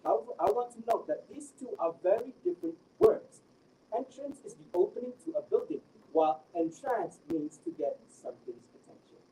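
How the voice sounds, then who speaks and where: A woman's voice: fairly high pitch, very animated, brisk, warm tone. A young woman presents her research as a trainee teacher and answers examiners' questions, often hesitating and restarting her sentences. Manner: hesitant, restarts and repeats words while explaining. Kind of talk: academic presentation and viva answers. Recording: distant mic with faint background noise.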